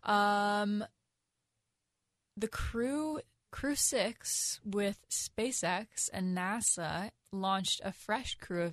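A young woman co-hosts a casual news podcast at an everyday pitch. She leans on fillers and laughs easily. The recording is dry and close. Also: dry recording. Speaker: podcast co-host.

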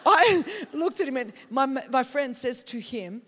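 An Australian woman preaching a sermon, telling stories with passion and breaking into shouts. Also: sits high, lively intonation, measured pace. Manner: passionate, storytelling, bursts into shouts. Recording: long hall reverb in a big venue.

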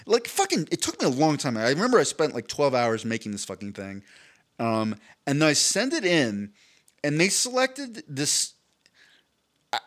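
A man tells a story on a podcast in an animated, rambling way, swearing freely and acting out the people in it. His voice sits a little higher than most men's. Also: moderate pace. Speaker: podcast co-host. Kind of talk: casual storytelling chat.

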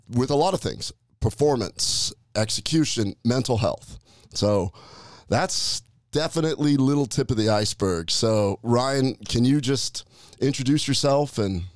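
A man's voice: medium pitch, a little mellow, no echo, clean studio sound. A man co-hosting a podcast and telling a story in a rambling, casual way full of fillers. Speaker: co-host and doctor.

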